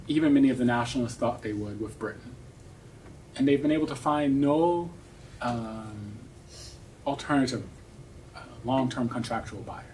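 A man giving an academic seminar talk, explaining in a thoughtful way with many pauses and tag questions. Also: mid-range voice, darkish tone. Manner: thoughtful, explanatory, frequent "um" and "right?". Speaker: academic speaker. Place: seminar room. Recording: distant mic with faint noise.

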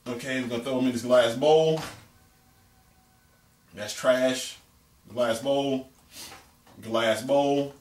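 A man hosting a comedic home cooking video in his kitchen, rambling and joking with a deadpan, mock-tearful manner. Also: medium pitch, takes it slowly, pauses often. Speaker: home cooking show host. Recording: echoey room, faint noise.

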